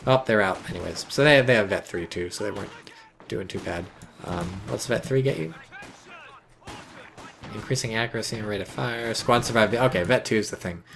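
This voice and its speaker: A man casting a strategy game match in casual commentary, excitable, sarcastic and swearing freely. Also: fairly low pitch, fairly quick, vocal fry, a little hiss or hum. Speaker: game caster.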